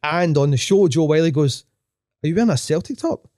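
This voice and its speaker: A man's voice: on the high side, animated, a little fast, dark tone, dry recording, clean studio sound. A middle-aged man with a Glaswegian accent, telling stories in a rambling way, full of restarts and swearing. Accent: Glaswegian Scottish. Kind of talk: casual podcast chat.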